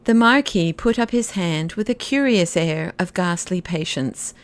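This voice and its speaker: A woman giving a measured, expressive audiobook narration of a classic novel. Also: fairly low pitch.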